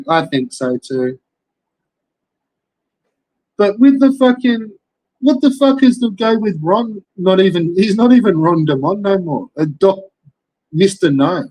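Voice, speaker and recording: A young Australian man rants in a loose commentary, his voice sitting a little high for a man. He swears all the time and keeps circling back to rhetorical questions. The sound is dry and close, with no room around it. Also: darkish tone, no room sound, rough recording. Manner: profane, rambling, rhetorical questions. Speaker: commentary streamer. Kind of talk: casual commentary rant.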